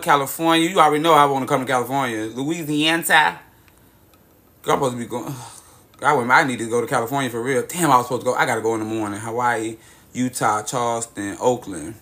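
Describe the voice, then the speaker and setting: A young man hosts a casual livestream, reading out viewers' cities and chatting in an excitable, profane, drawling way, calling everyone baby and girl, into a phone mic. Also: fairly high pitch. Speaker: livestream host.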